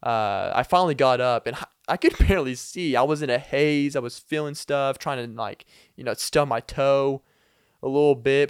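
A man's voice: mid-range voice, smooth, dry recording, studio quality. A young man hosting a podcast, telling a rambling comedic story full of fillers and little laughs. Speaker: podcast host.

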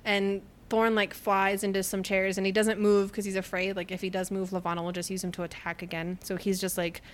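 A young woman co-hosting a casual book podcast, retelling scenes with lots of laughter and acted-out quotes. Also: mid-range voice. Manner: animated storytelling, quick to laugh, acts out quotes. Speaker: podcast co-host.

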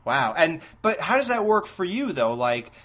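A man's voice: on the high side, big pitch swings, moderate pace, fairly bright tone. A man co-hosting an interview, eagerly asking a guest questions as a fan. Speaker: podcast co-host. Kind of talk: casual chat.

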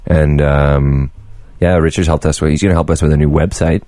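A man's voice: extremely low pitch, fairly even intonation, fairly quick, mellow, no echo. A man co-hosting a casual podcast chat, laughing often, swearing casually and acting out what others said. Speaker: podcast co-host.

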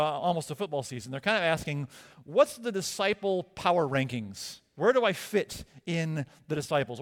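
A male pastor delivering a sermon, conversational and emphatic, asking rhetorical questions. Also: medium pitch. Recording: long reverb of a church hall.

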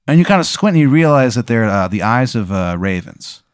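A man narrating a comedic improvised adventure as game master, deadpan with frequent fillers. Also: mid-range voice, fairly quick, clear, resonant tone, dry recording, studio quality.

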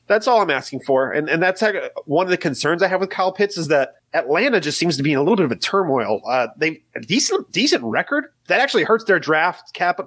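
A man's voice: a little high, big pitch swings, fast, few pauses, fairly bright tone, no echo. A man co-hosting a casual fantasy football podcast, rambling and correcting himself with nervous laughs. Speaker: podcast co-host.

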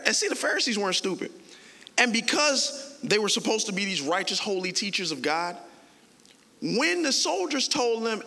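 A male pastor preaching a sermon in a playful, conversational, animated manner. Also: sits high, moderate pace, vocal fry, in a large hall.

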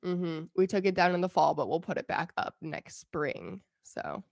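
Groggy, gravelly-voiced woman chatting. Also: on the low side, moderate pace, dry recording, clean studio sound. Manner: chatty storyteller, laughs often, many fillers. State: groggy, strained throat. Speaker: podcast co-host. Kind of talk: casual chat.

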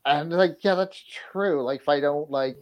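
A man's voice: fairly high pitch, normal speed, lo-fi sound. A man in casual podcast chat, speaking in a hesitant, thoughtful way with many fillers.

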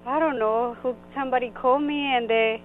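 A woman's voice: fairly high pitch, fairly even intonation, a little fast. A woman at work takes a strange phone call and answers in a confused, apologetic way. Her voice comes through a thin, tinny phone line with a faint hiss.

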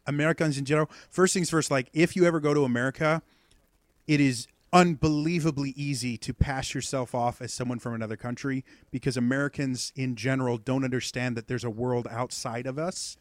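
A man's voice: mid-range voice, steady tone, brisk, dry recording. A man guesting on a podcast, explaining accents in a rambling, casual way full of ums and uhs.

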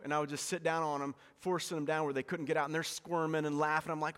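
Animated preacher man in a reverberant hall. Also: fairly high pitch, fast, hardly any pauses. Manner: animated storytelling preacher, repeats key lines. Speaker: pastor. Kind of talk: sermon. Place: church hall. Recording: long reverb of a church hall.

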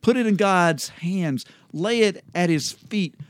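A man hosting a casual Bible study chat, explaining scripture in a relaxed way with frequent ums and restarts. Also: sits high, slow pace, no room sound, studio quality.

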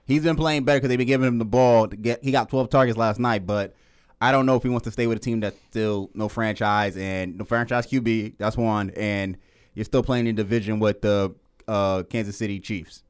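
A man's voice: on the low side, fairly even intonation, fairly quick, clean tone. A man hosting a casual sports talk show, rambling and correcting himself, often laughing. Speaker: host.

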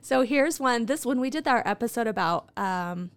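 A woman's voice: fairly high pitch, expressive, normal speed, clear, resonant tone, dry recording. A woman co-hosting a podcast in casual chat, reading out listener stories and laughing often. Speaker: podcast co-host.

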